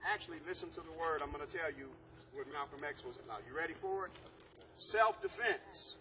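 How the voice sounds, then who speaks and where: A man's voice: a little high, quick pace. A man mentoring a group outdoors, talking emphatically and drawing responses from his listeners. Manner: emphatic, calls for audience responses. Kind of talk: interactive workshop talk. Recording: outdoor noise with passing traffic.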